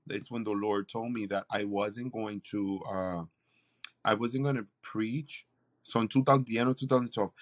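A man, a campus pastor, telling a personal testimony in conversation, animated and acting out what others said. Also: on the low side. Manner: animated storytelling, acts out quoted voices.

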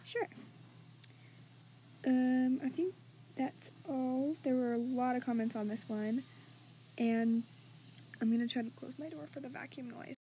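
A young woman with a high, light voice chats through listener comments on her home podcast, self-deprecating and casual. She now and then slips into soft whispers. A faint hum of household noise sits behind her voice. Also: a little slow, long pauses. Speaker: podcast host. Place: home room with vacuum running nearby. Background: faint vacuum noise.

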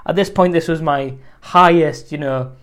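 Guy with a bit of a higher voice rambling through a story about his lawn business, lots of you know. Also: moderate pace. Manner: chatty, rambling, frequent "you know" asides. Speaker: lawn care business owner. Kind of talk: casual storytelling advice talk.

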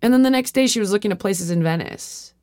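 A woman's voice: medium pitch, lively intonation, fast, a little mellow, no echo, clean studio sound. A middle-aged woman hosting a podcast, speaking frankly and confessionally, often saying "like" and swearing freely. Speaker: podcast host. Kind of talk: candid personal conversation.

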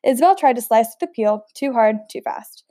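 A woman's voice: a little high, expressive, normal speed, warm tone, no room sound, studio quality. A woman reading a novel aloud in a casual way, stumbling over words now and then and chatting between passages. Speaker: audiobook reader.

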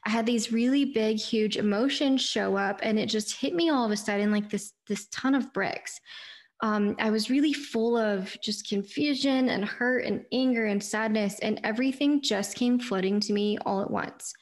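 A woman's voice: a little high, moderate pace. A woman in her thirties hosting a faith-based pep talk podcast, chatty and earnest, often saying "you guys". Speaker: podcast host.

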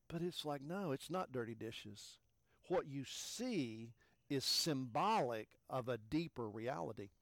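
A man preaching a sermon as pastor. He talks emphatically, repeats key phrases and swings from loud to hushed. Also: mid-range voice, expressive, moderate pace, no echo.

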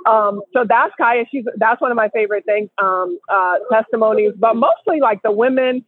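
A woman co-hosting a casual call-in podcast, a lively storyteller who slips into the voices of people she quotes. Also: a little high, normal speed, no echo. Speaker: co-host. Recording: tinny phone line, dry.

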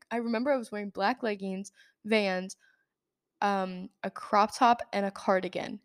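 A young adult woman hosting a podcast, telling a personal story in a rambling, casual way full of fillers and restarts. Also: mid-range voice. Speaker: podcast host.

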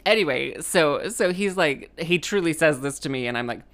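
A woman's voice: sits low, animated, normal speed, a bit bright. A woman, a musician telling a rambling comic story, full of fillers and exasperation.

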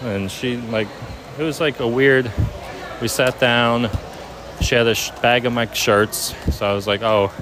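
A young man telling a personal story casually, halting with many fillers. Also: mid-range voice, steady tone, noisy background. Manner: halting, many ums and likes. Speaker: vlogger.

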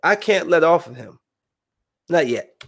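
A young man venting to his viewers in a heated, rambling monologue that swings between low brooding and loud outbursts. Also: expressive, unhurried, vocal fry. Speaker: vlogger.

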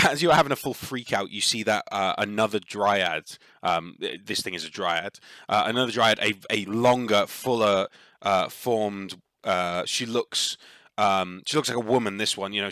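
Bright-voiced man running a tabletop game. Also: fairly low pitch, normal speed, no room sound. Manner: rambling, filler-heavy narration. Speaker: game master.

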